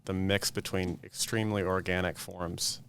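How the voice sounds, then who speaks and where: Gravelly low-voiced male interviewer. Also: flat delivery, normal speed, a bit bright, a little hiss or hum. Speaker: gallery interviewer. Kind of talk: gallery interview.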